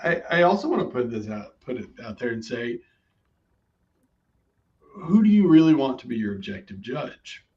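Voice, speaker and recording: A man's voice: mid-range voice, sing-song, moderate pace, pauses often, darkish tone, lo-fi sound. A man on a conversational podcast, explaining his points emphatically, step by step.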